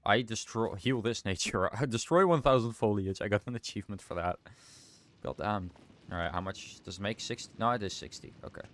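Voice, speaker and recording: A young livestreamer plays a game while thinking aloud, rambling through casual commentary and often correcting himself. He talks a little fast in a fairly low voice.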